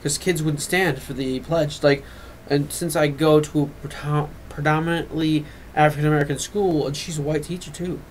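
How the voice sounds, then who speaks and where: A man's voice: fairly high pitch, steady tone, normal speed, a little hiss or hum, poor audio. Earnest rambling teenage boy vlogger. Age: teens. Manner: rambling and earnest, with frequent restarts and trailing off; emotional, fighting back tears at times. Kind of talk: confessional vlog monologue.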